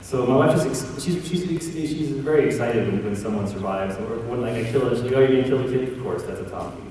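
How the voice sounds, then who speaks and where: A man's voice: medium pitch, brisk, a little mellow. A man, a comic book writer, talking casually on a convention panel, rambling and self-deprecating with many restarts. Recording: roomy hall, mic heard from a distance, faint background noise.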